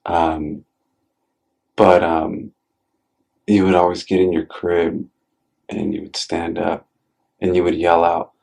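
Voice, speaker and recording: A man's voice: low voice, completely flat delivery, slow, creaky, long pauses, a little mellow. A man hosting a podcast in a casual chat. He tells stories with many fillers and swears now and then, and acts out quotes in a raised voice. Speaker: podcast host.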